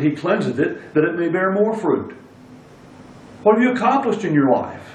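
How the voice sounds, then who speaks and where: A man's voice: on the high side, a little mellow. Emphatic preacher man in an echoey room. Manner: emphatic, stresses single words. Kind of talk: sermon. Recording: echoey room, speaker far from mic.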